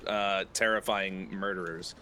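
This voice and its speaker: A man co-hosting a live game stream, chatting casually and animatedly, his voice leaping up when excited and laughing often. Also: low-pitched, unhurried. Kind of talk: casual chat.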